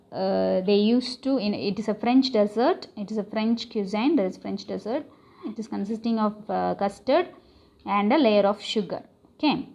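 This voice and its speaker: A woman's voice: on the high side, muffled recording. Woman teacher, repetitive explaining. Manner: explains slowly with many repetitions and fillers. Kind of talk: classroom lesson explaining an English text.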